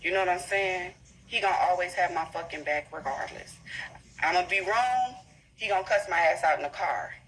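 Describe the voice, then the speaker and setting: A woman's voice: on the low side, moderate pace, a little hiss or hum, rough recording. A woman livestream host telling a story in a blunt, profane, heated way. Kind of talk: casual livestream rant.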